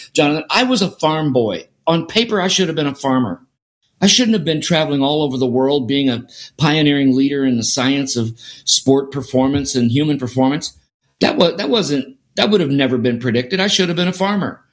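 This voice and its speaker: A man guest in an interview, telling a personal story in an earnest way and repeating phrases for emphasis. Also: a little high. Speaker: podcast guest.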